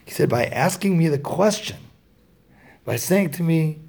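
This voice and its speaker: Guy with a gravelly husky voice, halting storytelling talk, lots of ums and restarts. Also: a little high, lively intonation, darkish tone. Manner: halting, many fillers and restarts.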